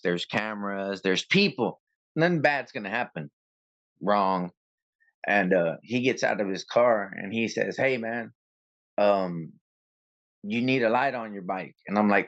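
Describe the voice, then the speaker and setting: A man's voice: fairly low pitch, a little slow. Man telling a street story, lo-fi audio. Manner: animated, acts out both sides of arguments. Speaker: copwatcher guest. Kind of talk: casual storytelling interview.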